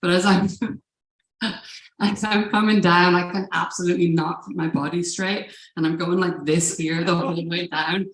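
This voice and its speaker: A woman's voice: on the low side, steady tone, normal speed. A woman telling a personal story at a live event, in a casual, profane manner with frequent laughs. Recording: roomy live room echo.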